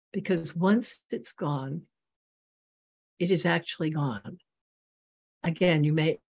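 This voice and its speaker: A meditation teacher giving a dharma talk and guiding a meditation, speaking slowly and in measured phrases with long pauses. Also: mid-range voice, darkish tone, slightly rough.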